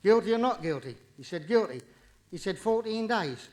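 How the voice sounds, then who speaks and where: A man doing live stand-up comedy, cheeky and quick, with jokes that rise into punchlines. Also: high-pitched, lively intonation, a little mellow, slight background noise. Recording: vinyl live recording, audience laughter, distant.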